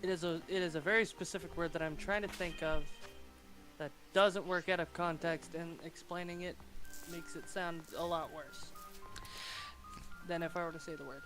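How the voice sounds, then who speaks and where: A man's voice: a little high, fairly even intonation, normal speed, a bit bright, soft background music. A man chatting and joking as a co-host on a game stream. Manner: joking, laughs easily. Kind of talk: casual game commentary.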